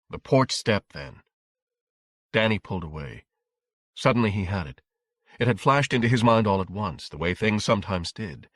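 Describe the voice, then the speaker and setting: A man narrating an audiobook in a measured, steady way. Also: fairly low pitch, dry recording, clean studio sound.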